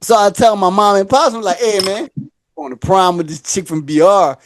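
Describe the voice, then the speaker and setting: A man's voice: sits high, normal speed, no echo. A man, co-hosting a podcast, telling stories in casual chat and acting out quotes, laughing often. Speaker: podcast co-host. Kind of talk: casual storytelling.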